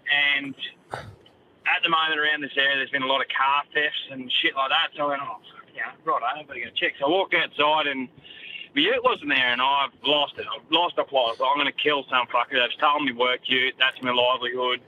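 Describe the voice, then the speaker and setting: A man's voice: medium pitch, steady tone, brisk, sharp tone. An Australian man calling in with a voice message, telling a blunt, swearing story about his own blunder. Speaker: caller. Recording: dull lo-fi voice message with faint noise.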